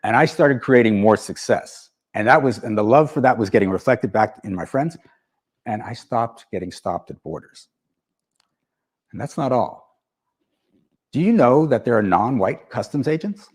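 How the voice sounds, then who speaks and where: A man's voice: mid-range voice, moderate pace, husky. A man giving a motivational talk to an audience, telling stories and acting out both sides of conversations. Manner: storytelling, animated, acts out both sides of dialogues. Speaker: speaker.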